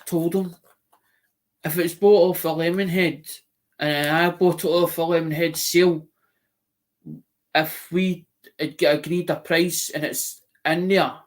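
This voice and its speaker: A man with a Scottish accent, chatting casually and rambling as the host of an online auction channel, restarting and repeating himself. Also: a little high.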